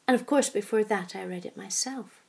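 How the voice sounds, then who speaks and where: A woman's voice: mid-range voice, moderate pace, gravelly, slightly rough. A woman voicing an elderly, forgetful woman in a storybook reading, cheerful and easily alarmed. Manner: bright, excitable, rising to cries.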